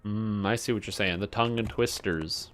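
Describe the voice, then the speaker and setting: A man chats casually with viewers on a live stream, playfully reading tongue twisters aloud, stumbling over them, and laughing at himself. His lowish voice is a bit bright and moves at a normal pace, with soft music playing in the background.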